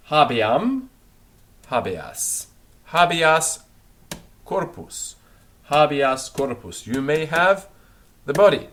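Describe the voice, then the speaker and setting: A man teaching a recorded grammar lesson, explaining and repeating words slowly so they can be drilled. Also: medium pitch, fairly bright tone. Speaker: language teacher.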